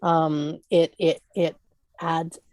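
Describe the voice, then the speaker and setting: A woman's voice: low voice, flat delivery, extremely slow, darkish tone, no echo, studio quality. A woman co-hosting a podcast, chiming in supportively in casual conversation. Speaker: podcast co-host.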